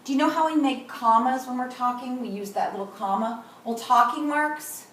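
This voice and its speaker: A woman in middle age teaching kindergarteners at a whiteboard, slowly and deliberately modeling words and sounds. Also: high voice, a bit bright, a little hiss or hum. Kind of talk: teaching a class. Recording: echoey room, far from the mic.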